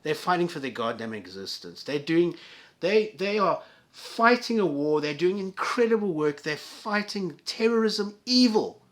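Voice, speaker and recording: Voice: mid-range voice, big pitch swings, a little slow. A vlogger delivering an angry, profane solo rant to viewers, with heated stammering restarts.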